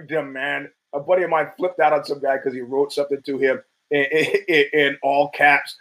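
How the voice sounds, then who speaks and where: A man's voice: fairly high pitch, little pitch movement, normal speed, hardly any pauses, fairly bright tone, poor audio. A man hosting his own podcast, talking in a casual, profane and rambling monologue with emphatic bursts. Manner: profane, rambling storytelling with frequent restarts. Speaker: podcast host.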